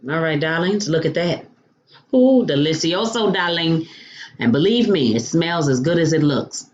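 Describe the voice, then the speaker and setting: A woman's voice: low voice, expressive, normal speed, a little mellow, muffled recording. A woman hosting a home cooking demonstration, chatty and playful, calling viewers honey and baby. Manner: playful food exclamations. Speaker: cooking show host.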